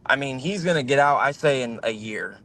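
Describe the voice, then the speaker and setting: A man's voice: mid-range voice, expressive, fairly quick, pushed and bright, a little hiss or hum. A man chatting casually on a video call, rambling with many fillers and restarts. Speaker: guest on a livestream. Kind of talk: casual chat.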